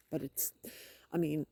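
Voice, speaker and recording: A middle-aged woman with a hoarse, sore throat, talking in a hesitant, rambling video diary with wry, matter-of-fact asides. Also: a little mellow, no echo. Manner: hesitant, rambling, many fillers. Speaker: vlogger. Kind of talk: casual personal video diary.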